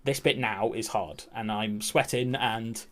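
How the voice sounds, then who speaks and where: A man talking candidly on a livestream, nervous and a little breathless, halting with restarts and frequent ums. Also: lowish voice. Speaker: streamer.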